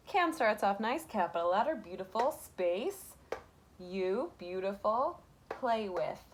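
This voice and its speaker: A young woman runs a remote writing lesson for small children, her sing-song voice full of encouraging rhetorical questions. She records at home on a camera mic. A faint room hum sits underneath her medium-pitched voice. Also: big pitch swings, measured pace. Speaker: kindergarten teacher.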